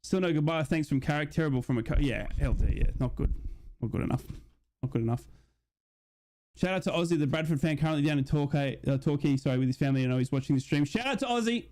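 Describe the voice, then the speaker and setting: Young man, slightly high voice, casual streamer chat, shout-outs to viewers. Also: fairly even intonation, rapid-fire, few pauses. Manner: chatty, reads out chat messages and shout-outs. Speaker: streamer hosting a live match watch-along. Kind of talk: casual live-stream chat and mock commentary.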